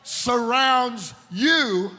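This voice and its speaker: A man preaching a live sermon, fervent and often breaking into shouts as he speaks straight to the crowd, in a large worship hall. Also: very high-pitched, expressive, extremely slow. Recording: long reverb in a big hall, faint ambience.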